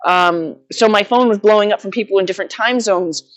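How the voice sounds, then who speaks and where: A woman's voice: mid-range voice, fairly quick. A middle-aged woman vlogging casually, telling a rambling, self-deprecating story about her horse farm with frequent laughs.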